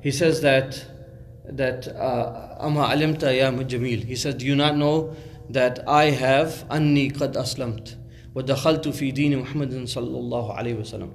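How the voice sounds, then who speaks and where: Male speaker, mid-pitched, conversational storytelling sermon with some fillers and Arabic recitation, faint background hiss. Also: steady tone, normal speed. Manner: conversational, many fillers and restarts, quotes Arabic. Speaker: Islamic speaker.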